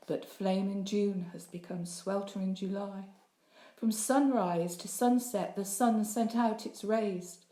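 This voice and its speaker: A woman narrating a novel as an audiobook, lifting her voice for the dialogue. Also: mellow. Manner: reads the dialogue with a lifted, higher voice. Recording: roomy echo.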